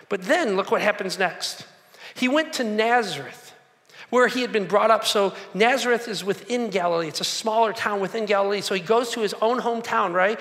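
A male pastor preaching with a very high, bright, forceful voice. He jumps into lively crowd voices as he tells the story. His words ring out in a long, echoing hall. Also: brisk. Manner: animated, acts out crowd voices. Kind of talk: sermon.

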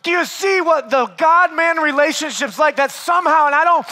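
A man preaching a sermon as pastor, conversational and animated, swinging between loud and hushed, and often calling listeners "man". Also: very high-pitched, moderate pace.

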